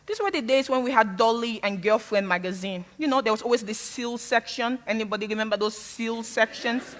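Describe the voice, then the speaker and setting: A woman's voice: on the high side, big-room sound. A woman from Sierra Leone, whose first language is not English, gives a frank, humorous stage talk as a guest speaker. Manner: frank, humorous, animated storyteller. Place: stage before a live audience.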